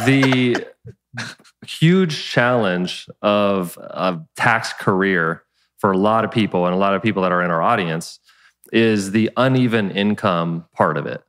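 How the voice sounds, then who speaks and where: A podcast host asks his mother long, searching interview questions, rambling thoughtfully and restarting often. His voice is on the low side and fairly bright, and he talks a little slowly.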